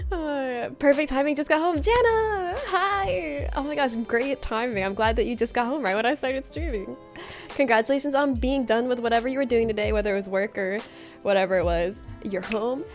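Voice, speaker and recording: A woman's voice: fairly high pitch, a little fast, soft background music. Playful, laughing woman streamer. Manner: playful and teasing, laughs often. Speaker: livestream host. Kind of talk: casual livestream chat, reading out viewer comments. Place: room at home.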